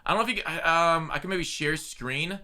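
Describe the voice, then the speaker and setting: A man's voice: on the high side, fairly quick, bright, forceful tone. A man hosting a casual podcast, talking with many stumbling restarts. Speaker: podcast host.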